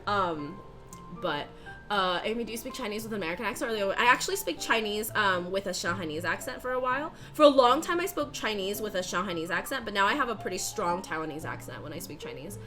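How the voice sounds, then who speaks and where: A woman's voice: medium pitch, expressive, fast talker, bright, forceful tone. Bubbly Californian woman streamer. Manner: chatty, reads out chat names, bubbly. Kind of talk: casual live-stream chat while baking. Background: faint music.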